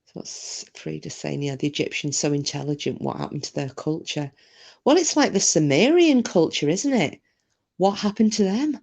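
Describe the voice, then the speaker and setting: A woman's voice: sits low, very animated, normal speed, gravelly, a little mellow. A woman from England hosting a casual livestream chat, talking freely and reading out viewer comments with self-deprecating humour. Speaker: livestream host.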